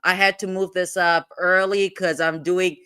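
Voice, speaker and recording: Bright-voiced woman hosting a chatty livestream. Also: on the low side, flat delivery, unhurried, clean tone. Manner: rambling, digressive, laughs often. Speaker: host of a legal commentary livestream. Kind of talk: casual livestream commentary.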